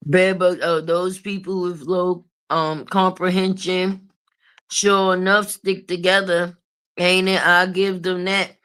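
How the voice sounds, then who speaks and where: A woman's voice: lowish voice, level tone, slow, a bit bright, smooth. A middle-aged woman giving casual live-stream commentary, brash and profane, laughing often at her own jokes.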